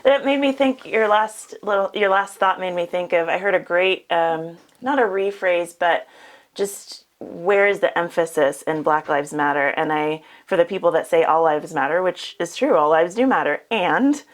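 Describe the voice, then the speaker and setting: A woman speaking reflectively in a casual conversation, with many pauses and fillers. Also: lowish voice.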